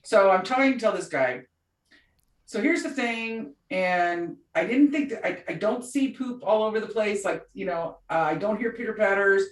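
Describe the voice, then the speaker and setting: Her voice is mid-range and her speed normal as this podcast co-host narrates a story in casual conversation, voicing each person she quotes. She comes across as chatty and animated, recorded from afar in an echoey room.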